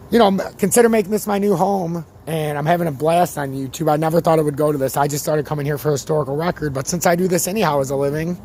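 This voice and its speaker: Over a little hiss or hum, a slightly high-voiced man with a worn-out sound hosts a crypto chart channel and rants about the charts. He curses freely and leans on animated sports analogies in this casual, profane, fired-up market talk.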